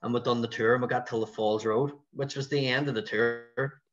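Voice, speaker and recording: A man with a West Belfast accent, talking as a guest on a podcast. He tells stories in a lively way and chuckles often. His voice sits mid-range, and the recording sounds a little dull and lo-fi. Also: medium pitch, brisk, soft background music. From West Belfast, Northern Ireland. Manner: lively anecdotal storytelling, chuckling. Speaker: guest comedian. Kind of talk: casual podcast chat.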